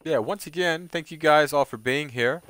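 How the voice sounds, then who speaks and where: A male live streamer chats casually with viewers while playing a video game, rambling with lots of fillers and restarts and laughing easily. His voice is on the high side and a bit bright, at a moderate pace with no echo.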